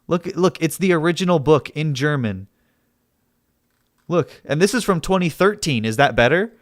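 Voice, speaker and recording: Male streamer in a heated back-and-forth with chat, exasperated and foul-mouthed, higher-pitched voice, dry close sound. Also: animated, moderate pace, no room sound. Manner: heated, exasperated, argumentative, swears a lot. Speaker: livestreamer. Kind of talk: live stream chat argument.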